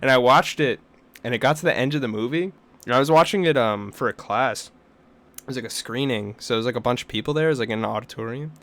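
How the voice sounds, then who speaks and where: A man's voice: mid-range voice, fast. A young man co-hosting a podcast, telling stories and ranting with lots of swearing in casual chat. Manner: profane, animated storytelling with rants. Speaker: podcast co-host.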